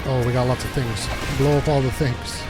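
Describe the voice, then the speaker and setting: A man streaming a video game live, reacting aloud in an excitable, jokey way. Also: mid-range voice, moderate pace, over loud music. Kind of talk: live gameplay commentary.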